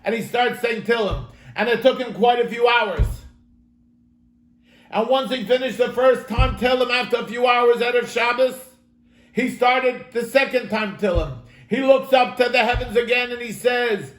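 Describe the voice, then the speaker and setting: A man's voice: extremely high pitch, normal speed, fairly bright tone, reverberant. A man, a rabbi, telling a story in an earnest, dramatic manner as he teaches a class. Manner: earnest, dramatic storyteller addressing listeners as "my friends". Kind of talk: storytelling sermon-style lesson. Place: home, online class.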